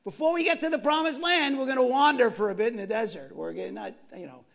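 Male preacher, very high voice, animated sermon delivery, repeats phrases and quizzes the room. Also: quick pace, gravelly, crowd noise. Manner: animated, repeats phrases for emphasis, questions the congregation. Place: church gathering.

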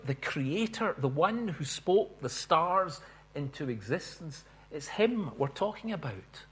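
A man preaching a sermon in an earnest way, swelling and slowing on stressed phrases. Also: on the high side.

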